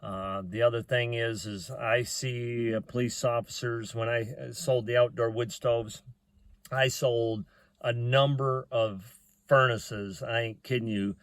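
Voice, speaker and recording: A man's voice: mid-range voice, fairly even intonation, measured pace, no echo. A middle-aged man telling a personal story in a rambling, folksy way, with plain talk and lots of "uh" fillers.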